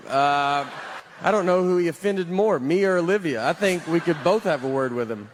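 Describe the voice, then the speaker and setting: A man with a Southern US accent doing a stand-up comedy set, telling stories in a slow, deadpan way with trailing pauses. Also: fairly high pitch. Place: comedy stage with live audience. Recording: noisy live audience recording.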